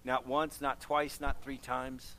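A man's voice: medium pitch, level tone, slow pace, pushed and bright, slight background noise. Emphatic preaching man. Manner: emphatic preaching, repeats phrases for stress. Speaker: pastor. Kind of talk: sermon and closing prayer.

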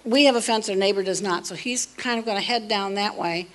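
A woman casually telling a personal story, animated, dropping to hushed asides and rising to loud emphasis. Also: mid-range voice, brisk. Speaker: storyteller sharing a personal testimony.

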